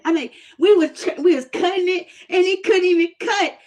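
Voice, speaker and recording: A woman casually telling a personal testimony story, animated and plain-spoken, laughing often. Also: extremely high pitch, fairly quick. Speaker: host sharing a testimony.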